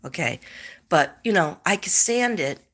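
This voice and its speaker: Rambling chatty woman, lower voice. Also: unhurried. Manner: rambling, chatty, animated retelling. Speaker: psychic livestream host. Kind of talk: casual live-stream chat.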